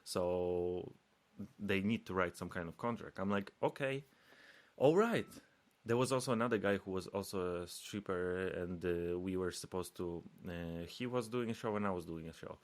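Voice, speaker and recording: A man's voice: sits low, moderate pace. A man speaking English as a second language, telling a story in casual podcast chat and acting out quoted dialogue in raised voices. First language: not English. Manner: searches for English words. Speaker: podcast co-host.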